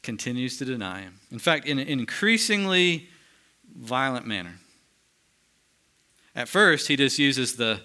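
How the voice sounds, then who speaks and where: A man preaching from the pulpit with a bright, forceful tone. He moves between lively, emphatic stretches and hushed, slowed-down solemn passages, speaking straight to the congregation. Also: mid-range voice, smooth. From United States. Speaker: pastor. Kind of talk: sermon.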